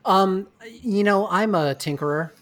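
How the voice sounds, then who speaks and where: A man's voice: high-pitched, unhurried, fairly bright tone, dry recording. A man being interviewed as a guest on a podcast, speaking candidly and reflectively. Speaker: game designer guest. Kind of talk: casual interview talk.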